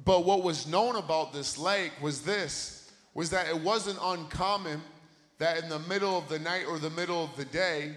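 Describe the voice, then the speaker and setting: A man with a high voice preaches a sermon in a big hall, and his words ring out with a long echo. He retells a story with growing intensity and repeats his points for emphasis, holding a handheld mic. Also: fairly bright tone. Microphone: handheld microphone.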